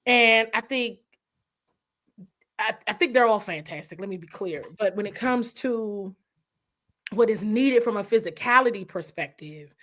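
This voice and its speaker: A woman in casual sports talk, giving animated football analysis, laughing often and quoting people in put-on voices. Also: medium pitch, a little slow.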